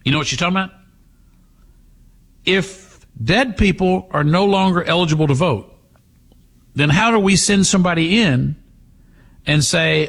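A man's voice: fairly high pitch, unhurried, long pauses, breathy edge. A man hosting a talk radio show, giving sarcastic, mocking commentary. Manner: sarcastic, mocking, puts on voices.

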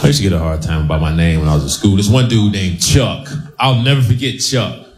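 A male stand-up comedian delivering deadpan puns and talking back to the audience. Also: deep voice, brisk. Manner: deadpan, pun-driven, chats with the audience. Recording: roomy club mic with loud crowd.

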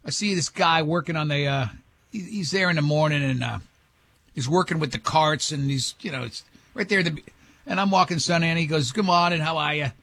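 Bright-voiced, lively male radio host. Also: on the high side, a little fast. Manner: rambling storyteller with restarts; lively, acts out other people's lines. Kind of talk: animated radio banter and storytelling.

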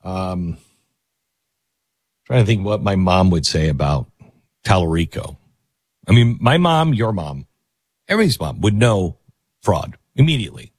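A male talk radio host riffing with a sarcastic, mocking edge. His voice is low and husky. The sound is dry and close to the studio mic. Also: sing-song, unhurried, long pauses, dry recording.

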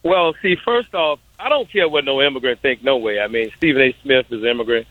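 A man's voice: mid-range voice, fairly quick. A man calling into a radio talk show, insistent and stubborn, repeating himself to make his point. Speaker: caller. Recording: phone line.

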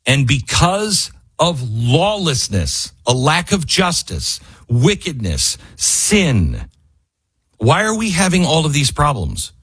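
A man hosting a radio talk show, delivering an impassioned political monologue that climbs to near-yelling in frustration. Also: on the high side, huge pitch swings, takes it slowly, slightly rough. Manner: rising to near-yelling, fiery and exasperated. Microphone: studio microphone.

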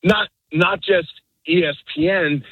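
A man calling into a sports radio show, rambling and halting as he talks. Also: on the high side, slightly rough, no echo, phone-quality sound. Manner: rambling, halting, full of restarts. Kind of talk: rambling call-in praise.

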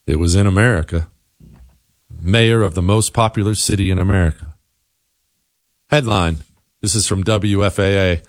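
A man's voice: low-pitched, normal speed, pauses often, dry recording, studio quality. A man hosting a talk radio show, reading headlines and ads in a sarcastic, emphatic way. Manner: sarcastic, emphatic, jumps between loud and hushed. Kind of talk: talk radio monologue with ad reads. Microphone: studio microphone.

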